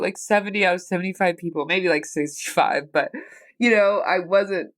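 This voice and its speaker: Woman, 30s, American accent, solo podcast host; slightly low voice, candid, rambling, teary with a stuffy nose. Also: moderate pace. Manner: candid, rambling, swears casually. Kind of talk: personal solo podcast chat.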